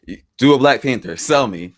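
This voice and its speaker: A man co-hosting a podcast in casual banter. He explains his points in a thoughtful, measured way. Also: medium pitch, lively intonation, fairly bright tone. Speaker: podcast co-host.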